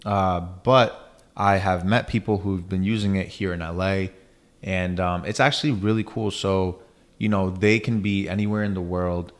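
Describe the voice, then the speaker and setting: A young man hosting a podcast, chatting loosely and often asking "you know what I'm saying". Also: deep voice. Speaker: podcast host. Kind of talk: casual chat.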